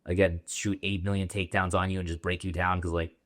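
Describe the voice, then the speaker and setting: A man's voice: low voice, level tone, quick pace, a bit bright, no room sound, clean studio sound. A male co-host in a casual fight chat, loose and rambling, with lots of "like" fillers.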